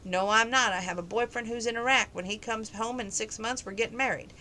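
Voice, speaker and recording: A woman's voice: fairly high pitch, a little fast, pushed and bright, a little hiss or hum, poor audio. A woman reading the part of a frank young female friend who teases plainly.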